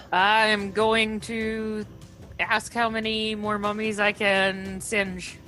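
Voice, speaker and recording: A woman's voice: mid-range voice, flat delivery, very slow, pushed and bright, faint music behind. A woman playing a tabletop game over a video call, chatty and giggly as she casts spells. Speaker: player.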